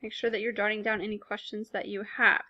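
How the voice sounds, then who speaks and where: Bright-voiced woman teaching a lesson. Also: medium pitch, little pitch movement, fast, lo-fi sound. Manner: patient, explanatory, casual fillers. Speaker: Spanish teacher. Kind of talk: recorded classroom lesson.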